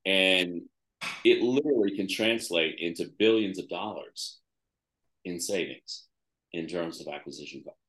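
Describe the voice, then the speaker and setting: A man's voice: deep voice, a little slow, fairly bright tone, reverberant. A man being interviewed as a guest author, talking conversationally and listing examples with fillers.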